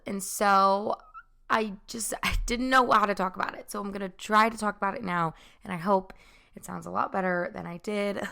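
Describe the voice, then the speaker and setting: A young woman hosting a casual chat podcast with a raspy, hoarse voice, talking loud and rambling. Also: medium pitch. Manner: chatty, rambling, talks loud. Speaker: podcast host.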